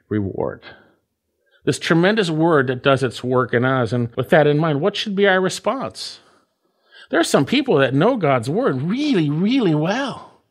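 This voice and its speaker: A man preaching a verse-by-verse sermon, stressing and repeating key phrases. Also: fairly high pitch. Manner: emphatic, repeats key phrases, rising and falling delivery. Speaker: pastor. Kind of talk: expository sermon.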